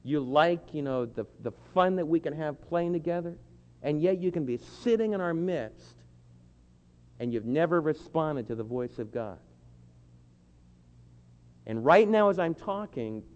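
A man's voice: fairly high pitch, lively intonation, darkish tone. Earnest preacher man in a big hall. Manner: earnest, pleading, slows to stress key phrases. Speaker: pastor. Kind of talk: sermon. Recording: dull lo-fi with long hall reverb.

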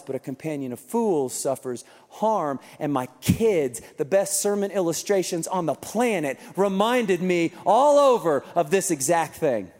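The long reverb of a large hall surrounds a man whose high voice sounds a little mellow. He's a pastor delivering a sermon, spinning a family story laced with jokes.

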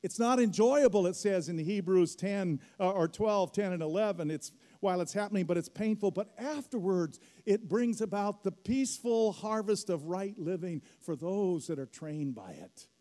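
A man's voice: high-pitched, warm tone. A middle-aged man preaching a sermon as pastor, telling a story and rising to emphatic peaks. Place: church hall. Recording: long hall reverb.

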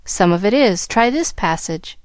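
A woman voicing a kind young male tutor in a storybook reading, encouraging and gentle. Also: medium pitch, animated, unhurried, clear, resonant tone, dry recording, lightly acted.

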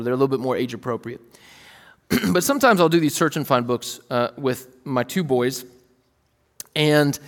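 A man in his thirties preaching a sermon in a relaxed, storytelling way, acting out voices from family anecdotes. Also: fairly high pitch. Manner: casual, storytelling, acts out his kids' voices. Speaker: pastor. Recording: long hall reverb.

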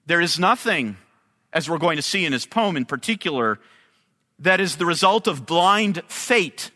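A male preacher with a high, bright voice, teaching through a Bible passage in a measured, careful way. He speaks at an unhurried pace, and long reverb hangs on his words. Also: animated. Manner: measured teaching delivery, explaining Hebrew terms. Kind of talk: expository sermon.

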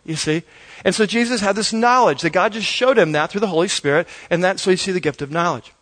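Pastor, male, fairly high voice, chatty sermon delivery with acted-out dialogue. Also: animated, a little fast, a bit bright. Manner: conversational, storytelling with acted-out dialogue.

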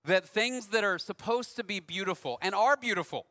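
A man preaching a sermon, telling a personal story in a relaxed, conversational way with dry self-deprecating humor. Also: high-pitched, normal speed, long reverb tail. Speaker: pastor.

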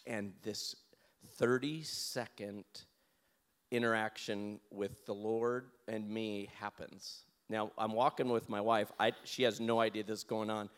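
A man as an interview guest, telling a personal story in an animated way, laughing and acting out his own lines. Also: fairly low pitch, measured pace, clear, resonant tone.

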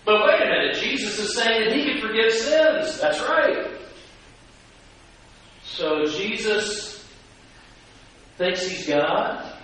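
A man preaching a sermon and asking the congregation questions, lively and animated. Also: high-pitched, takes it slowly, pauses often. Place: church sanctuary. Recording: echoey church from a distance with hiss.

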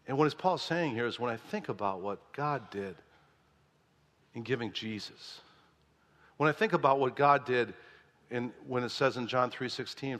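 A male pastor preaching a lively sermon, playful and animated, often jumping to high exclamations, in a church. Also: long reverb tail. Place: church sanctuary.

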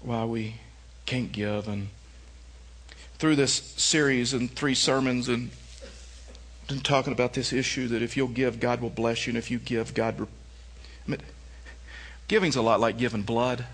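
A man's voice: medium pitch, fairly even intonation, measured pace, pauses often, breathy edge. A male pastor giving a sermon, telling stories conversationally and then pressing his points with emphasis. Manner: conversational storytelling that rises to emphatic preaching.

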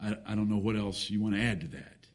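A man's voice: fairly low pitch, fast. A man preaching a sermon, emphatic, with rhetorical questions and folksy jokes.

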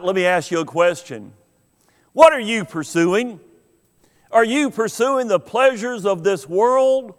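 Slow-preaching man in a reverberant hall. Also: high voice. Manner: slow, deliberate storytelling with dramatic pauses. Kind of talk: sermon with an illustrative story.

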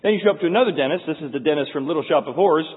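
A man preaching a sermon, telling stories in an animated way with frequent restarts. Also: a little high, very fast, slightly rough. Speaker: pastor. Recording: phone-like sound in echoey hall.

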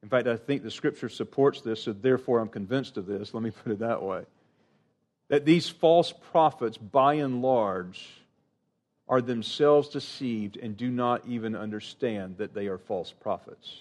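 A middle-aged man delivers a sermon at a normal speed, earnest and emphatic. His pitch jumps suddenly at times, and some lines fade away quietly.

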